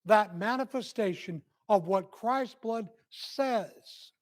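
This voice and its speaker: Male minister preaching slow and earnest, highish voice, leans hard on key words. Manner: earnest, emphatic preaching with acted quotes. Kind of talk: sermon. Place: church.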